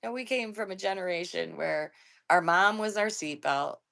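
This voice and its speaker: Low-voiced blunt older woman. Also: normal speed, vocal fry, pushed and bright. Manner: blunt, joking, swears casually. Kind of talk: casual live-stream chat.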